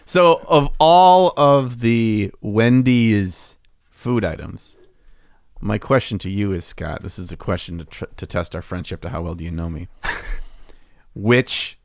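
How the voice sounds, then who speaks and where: A man's voice: deep voice, a little slow, gravelly, pauses often, no room sound, clean studio sound. A man co-hosting a podcast, chatting casually in a playful, teasing way and laughing often. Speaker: podcast co-host.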